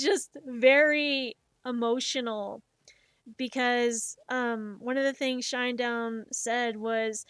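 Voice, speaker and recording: A woman's voice: on the high side, slow, clear, resonant tone, dry recording. Candid, swearing woman streamer, dry close mic. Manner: swears freely, animated retelling with emotional outbursts. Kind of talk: casual chat while making art. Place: home streaming setup.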